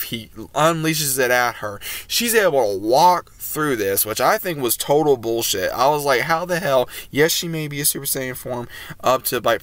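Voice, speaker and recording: A man's voice: medium pitch, a bit bright, no room sound. A man giving a casual, rambling recap of an anime episode as a reviewer, with fillers and restarts.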